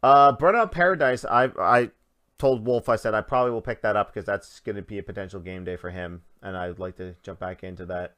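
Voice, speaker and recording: A man's voice: on the low side, fairly quick, a bit bright. A man hosting a casual gaming podcast, easygoing and full of filler "uh"s. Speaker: podcast host.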